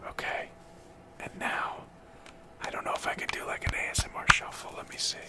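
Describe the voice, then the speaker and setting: A man trying out a soft ASMR whisper in a whispered role-play while shuffling cards. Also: a little fast, lightly acted. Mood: hushed. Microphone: close condenser mic.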